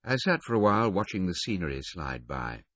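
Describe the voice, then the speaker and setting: A man reading a novel aloud in the first person, telling the story in a lively, varied way. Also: sits low, fairly quick, no room sound, dull audio. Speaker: audiobook reader.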